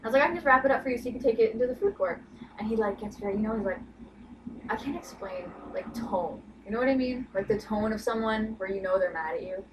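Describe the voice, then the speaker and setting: A woman's voice: a little high, lively intonation, quick pace. A young woman telling a work story in casual chat, full of "like" and "you know". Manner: chatty, lots of "like" and "you know". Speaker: podcast co-host. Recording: distant mic with clear background noise.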